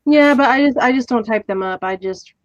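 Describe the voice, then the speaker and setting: A woman's voice: a little high, a little fast, highs cut off. A young woman chatting casually about everyday errands, matter-of-fact. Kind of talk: casual chat.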